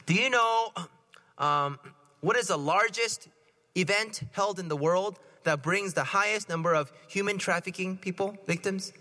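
A little slow this time, the priest uses a high, bright, forceful voice for his playful sermon, quizzing the congregation with jokes. The church gives the recording a long hall reverb.

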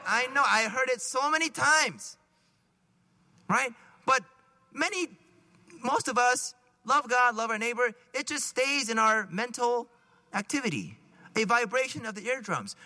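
A man's voice: sits high, bright, forceful tone, long reverb tail. A male preacher giving a conversational sermon, often checking in with the listeners through rhetorical questions.

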